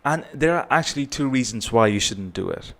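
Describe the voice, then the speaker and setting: A man's voice: mid-range voice, animated, a little fast, gravelly, fairly bright tone. A man giving earnest parenting advice, often checking in with "right?". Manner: earnest, repetitive, tags points with "right?". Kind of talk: advice talk to camera.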